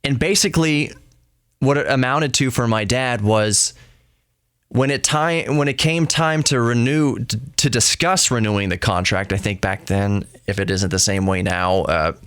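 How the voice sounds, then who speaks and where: A man's voice: lowish voice, fairly bright tone, clean tone, no room sound, clean studio sound. A man hosting a podcast, chatting casually and joking as he tells a story about his family. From Texas. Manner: chatty, self-interrupting, joking. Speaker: podcast host.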